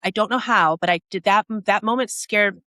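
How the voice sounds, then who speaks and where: A woman's voice: mid-range voice, normal speed, pushed and bright, no echo, clean studio sound. A woman telling a personal story as a podcast guest, animating it by acting out other people's lines and her own reactions, in a casual, restart-filled way. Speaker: podcast guest, app founder.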